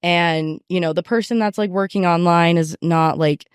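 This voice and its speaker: A young woman casually telling a story from her restaurant job, animated and profane, with lots of fillers. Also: lowish voice, moderate pace, clean tone, dry recording, clean studio sound. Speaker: podcast guest.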